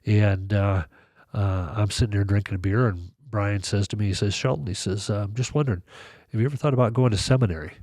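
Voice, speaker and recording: Animated lower-voiced man telling a story. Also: quick pace, no room sound, studio quality. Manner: animated storyteller, acts out quoted dialogue. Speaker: podcast guest. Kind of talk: casual storytelling.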